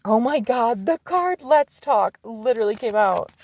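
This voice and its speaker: A woman giving a casual tarot reading to her viewers, excitable and swearing freely, swinging from hushed asides to loud exclamations. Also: on the high side, measured pace. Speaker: psychic medium and tarot reader.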